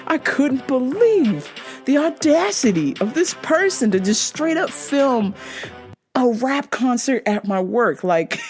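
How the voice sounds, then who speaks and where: Animated, crude-talking woman host. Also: mid-range voice. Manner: animated, crude, laughs often. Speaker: podcast host. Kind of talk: casual storytelling.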